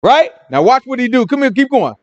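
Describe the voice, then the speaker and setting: A man's voice: very high voice, big pitch swings, fast, no room sound, muffled recording. A man teaching a casual Bible lesson, retelling scripture in street slang and acting out the voices of onlookers while checking in with his listeners.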